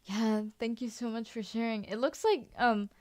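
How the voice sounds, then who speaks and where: A woman's voice: a little high, moderate pace, dry recording, clean studio sound. A woman hosting a voice-acting workshop on a video call, talking casually with many "like"s and "you know"s. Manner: filler-heavy, "like" and "you know".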